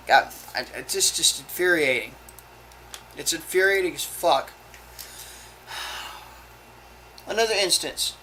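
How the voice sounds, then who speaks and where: A woman with a fairly low voice and a fairly bright tone vents to her viewers in a heated, profanity-laced rant recorded roughly with a little hiss or hum. As a video blogger talking to camera, she stumbles often and keeps restarting what she's saying.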